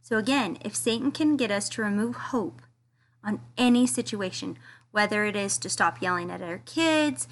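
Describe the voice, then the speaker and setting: A woman's voice: mid-range voice, moderate pace. A woman giving a casual, earnest devotional study talk, reading quotes aloud with enthusiasm. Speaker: scripture study teacher.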